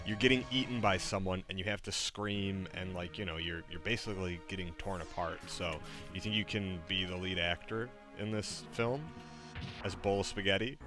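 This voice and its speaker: A man's voice: low voice, steady tone, moderate pace, music in the background. A man streaming, giving rambling, filler-heavy casual instructions. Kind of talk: casual chat.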